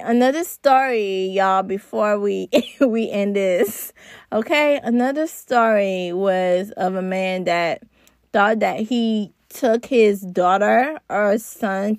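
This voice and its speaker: Slow-talking young mom podcaster. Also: female voice, on the high side, no room sound, studio quality. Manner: chatty, addresses listeners as y'all. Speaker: podcast host. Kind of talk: casual chat.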